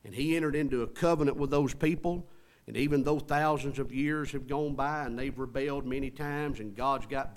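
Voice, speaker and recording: Folksy preacher man. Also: mid-range voice. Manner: swings from soft, hushed lines to loud emphatic ones; folksy, talks straight to the congregation. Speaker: pastor. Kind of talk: sermon.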